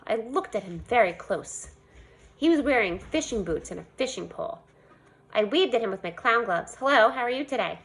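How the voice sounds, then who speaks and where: A woman reading a children's storybook aloud in an animated way. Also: a little high. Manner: animated, voicing a young girl narrator. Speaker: reader.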